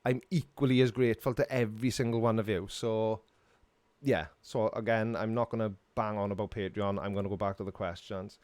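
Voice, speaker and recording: A man's voice: lowish voice, steady tone, brisk, darkish tone, dry recording. Chatty Welsh man on a live stream. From Wales. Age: middle-aged. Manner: chatty, self-mocking, reads viewer comments aloud.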